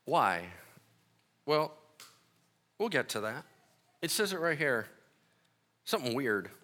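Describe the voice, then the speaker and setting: A man preaching a sermon as an animated, joking storyteller who often laughs at his own asides. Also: mid-range voice, slow, long pauses. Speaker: pastor.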